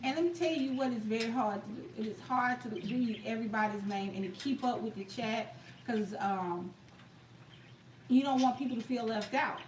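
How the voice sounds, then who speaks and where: High-voiced woman chatting on a live stream. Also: normal speed. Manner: chatty, emphatic, folksy. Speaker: cooking live-stream host. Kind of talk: casual live-stream chat. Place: outdoors. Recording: echoey, distant mic, faint outdoor noise.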